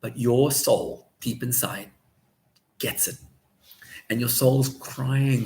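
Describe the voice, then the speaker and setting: A man's voice: mid-range voice, slow pace, pauses often. Male rabbi telling a sermon story. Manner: animated storyteller, mixes in Hebrew and Yiddish words. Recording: roomy echo.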